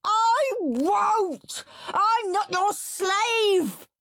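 A woman voicing a loud, bratty young boy who whines and shrieks. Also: very high-pitched, a little slow, no room sound, clean studio sound, pitched above the performer's own voice. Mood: wailing. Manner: whining, shrieking.

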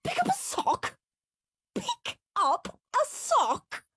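A woman voicing a loud, rebellious young boy who shrieks and wails his protests. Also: extremely high pitch, huge pitch swings, extremely slow, voice pushed up, full character voice. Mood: wailing.

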